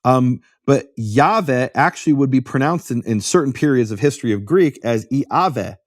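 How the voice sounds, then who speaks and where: A man's voice: mid-range voice, expressive, moderate pace, no echo, clean studio sound. A man hosting a talk, explaining history in a lecturing way and answering his own rhetorical questions. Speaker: host explaining biblical history.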